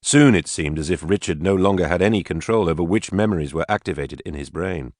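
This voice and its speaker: A man narrating an audiobook in a measured, steady storytelling manner. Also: low voice, no echo, studio quality.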